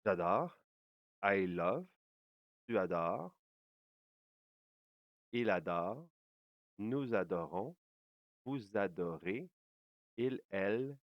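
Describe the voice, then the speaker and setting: A man giving a slow, careful language lesson, pausing often with fillers as he explains. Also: sits low, dry recording, dull audio. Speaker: French teacher.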